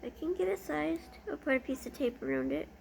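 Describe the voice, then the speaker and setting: A woman's voice: high-pitched, wildly swooping pitch, fairly quick, creaky, a little hiss or hum. A woman vlogger chatting casually as she unboxes gifts, gushing and easily delighted.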